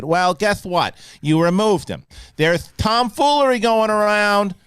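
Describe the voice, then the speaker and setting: Male host, animated rants, swooping pitch, dry close sound. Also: measured pace, clean tone, dry recording. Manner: loud, animated ranting with crude jokes. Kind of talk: casual live-show banter.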